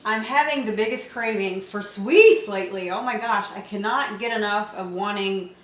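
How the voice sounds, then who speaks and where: A woman's voice: mid-range voice, normal speed. Chatty woman vlogging in an echoey room. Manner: chatty, rambling, with frequent laughs and fillers. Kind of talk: casual pregnancy update vlog. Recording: echoey room with faint ambient noise.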